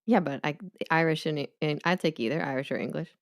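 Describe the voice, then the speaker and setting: Low-voiced teasing woman with a lisp. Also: fast, no room sound. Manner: dry, teasing. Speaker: podcast co-host. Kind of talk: casual chat.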